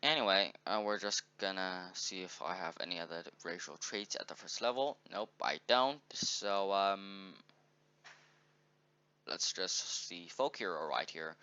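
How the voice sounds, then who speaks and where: A game tutorial presenter with a low, bright, forceful voice and clean tone casually works through a tabletop game sheet, thinking aloud and correcting himself as he goes. He's meandering but upbeat, and the recording sounds dull and lo-fi.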